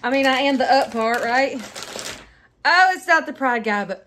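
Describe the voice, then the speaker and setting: A woman's voice: sits high, lively intonation, moderate pace, heavy background noise. A woman, chatting casually at home in a haul vlog, bubbly and gushing to her viewers. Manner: bubbly, gushing, talks straight to viewers as "y'all". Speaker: vlogger. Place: at home, indoors.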